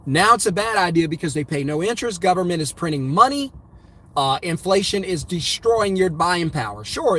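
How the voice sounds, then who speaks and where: High-voiced man preaching about money. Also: a bit bright. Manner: emphatic, repetitive, preachy. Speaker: host. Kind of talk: motivational money talk to viewers.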